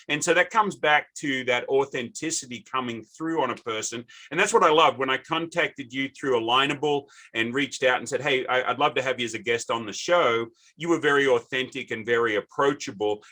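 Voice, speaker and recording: Hosting a casual interview podcast, this middle-aged man with an Australian accent rambles chattily from one anecdote to the next. His mid-range voice sounds pushed and bright.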